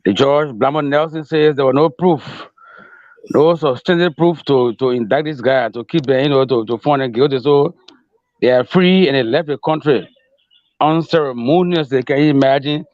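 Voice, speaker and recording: A man's voice: mid-range voice, moderate pace, a little mellow, no echo, muffled recording. A man reporting news as a correspondent, hesitant, with many fillers and restarts.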